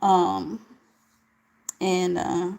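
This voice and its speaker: A woman's voice: fairly low pitch, big pitch swings, drawn-out words, vocal fry, darkish tone. A young woman hosting a late-night livestream, chatting casually and reading viewer comments, sleepy, with a tired, crackling voice and slangy talk, home alone. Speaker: livestream host.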